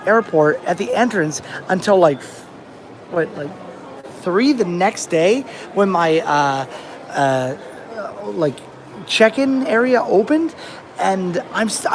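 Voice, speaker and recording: A man's voice: sits high, a little hiss or hum. A young American man vlogging outdoors, telling a long travel story in a chatty, rambling way with many restarts. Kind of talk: casual vlog storytelling. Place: outdoors on a rainy beach. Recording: faint outdoor ambience.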